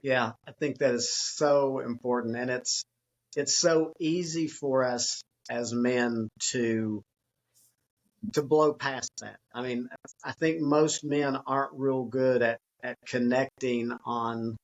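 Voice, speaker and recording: A man speaking as a guest author in a conversational interview, earnest and reflective, sometimes acting out an excited child's voice. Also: mid-range voice, takes it slowly, highs cut off.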